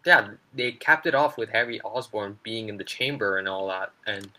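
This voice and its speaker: Excitable man with a bright voice. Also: on the low side, normal speed. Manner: excitable, enthusiastic fan talk. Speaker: gaming channel co-host. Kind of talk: casual gaming chat.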